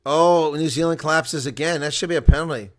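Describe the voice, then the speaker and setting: A fairly high-pitched man calls a rugby match solo, handling both play-by-play and color commentary at a brisk pace. He's chatty and excitable, jumping between loud outbursts and muttered asides.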